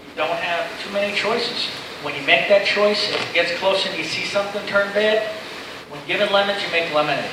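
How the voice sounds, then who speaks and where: A middle-aged man giving an informal safety seminar to pilots, chatty and joking as he rambles through stories. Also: sits high. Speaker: seminar speaker. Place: seminar room with audience. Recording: echoey room from far off, noisy.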